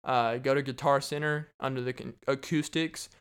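A man's voice: mid-range voice, fairly even intonation, normal speed, clean tone. A young man hosting a casual solo podcast, rambling and joking and laughing often. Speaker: podcast host.

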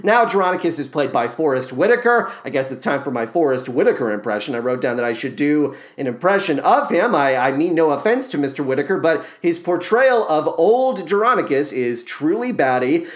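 A podcast host giving a sarcastic, animated comedic movie recap. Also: medium pitch, brisk, hardly any pauses.

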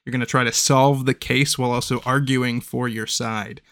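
A man hosting a casual comedy podcast, playful and quick to laugh. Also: mid-range voice, little pitch movement, a bit bright, smooth, dry recording. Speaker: podcast host running a game. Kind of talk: casual chat.

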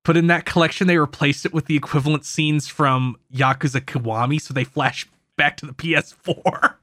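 A man's voice: on the high side, fairly even intonation, normal speed, bright, forceful tone, dry recording, studio quality. A man talking casually about video games on a podcast, rambling, cursing and correcting himself as he goes. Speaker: podcast co-host. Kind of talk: casual gaming podcast chat.

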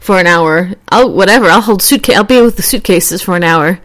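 A woman vlogger talking casually in a chatty, rambling way, laughing easily and getting animated as she acts out little scenes. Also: fairly low pitch, brisk, heavy background noise. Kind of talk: casual chat.

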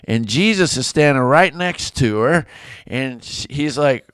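A man's voice: medium pitch, expressive, unhurried, fairly bright tone, clean tone, no echo, studio quality. A man leading a casual devotional Bible study, enthusiastic and conversational.

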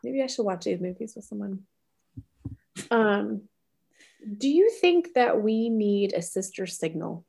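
A woman's voice: medium pitch, lively intonation, unhurried, creaky, pauses often, warm tone, breathy edge. Chatty woman podcast co-host. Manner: chatty, laughs often, acts out her reactions. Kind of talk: casual chat.

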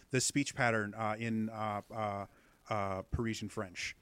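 A man with a Midwestern American accent, a podcast guest who explains accents eagerly and in quick bursts. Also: lowish voice, flat delivery, a bit bright, clean tone, dry recording. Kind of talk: casual podcast chat.

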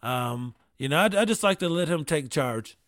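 A man telling casual comedic stories about gaming with his kid, profane and animated, with quick asides. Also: on the high side, no echo, studio quality.

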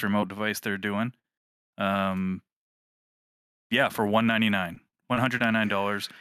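Podcast co-host: man in his thirties, low bright voice, loose and jokey, dry close mic. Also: dry recording. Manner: laughs often, swears casually. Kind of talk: casual chat.

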